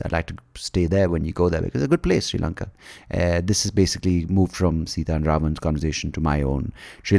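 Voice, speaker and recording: A man's voice: extremely low pitch, vocal fry. A man from India hosting a podcast, riffing through an irreverent, rambling comic monologue. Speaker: podcast host. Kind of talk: comedic monologue.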